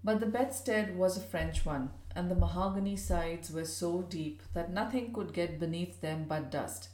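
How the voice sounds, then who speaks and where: Soft-spoken woman narrating a classic tale. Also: fairly low pitch, normal speed. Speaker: audiobook narrator. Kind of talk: scripted narration.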